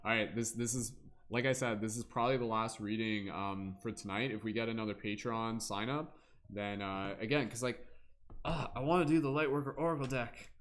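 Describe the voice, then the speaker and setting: The speaker is a man leading a tarot livestream, relaxed and rambling, humming "da da da" and using fillers between thoughts. His pitch is fairly low, and there's a faint hiss or hum in the audio.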